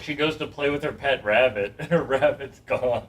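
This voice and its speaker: A man's voice: medium pitch, moderate pace. A man hosting a casual interview, laid-back and laughing, swearing casually. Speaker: podcast host. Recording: distant mic with faint room noise.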